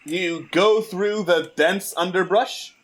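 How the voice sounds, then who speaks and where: A man narrates the tabletop game as its dungeon master, taking his time over each line. His voice sits a little high for a man, and his delivery is dry and joking. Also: takes it slowly, a bit bright.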